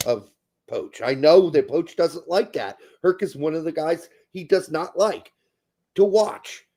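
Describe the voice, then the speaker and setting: A man hosting a podcast, his voice high for a man. He rants in casual chat, sarcastic and swearing freely. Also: measured pace, warm tone. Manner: ranting, profane, sarcastic. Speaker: podcast host.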